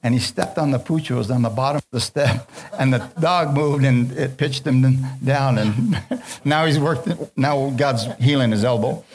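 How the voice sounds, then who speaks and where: A man's voice: mid-range voice, unhurried, a little mellow, slight background noise. A man preaching, leading prayer and call-and-response, reading scripture aloud and commenting on it, and chuckling while he tells a story.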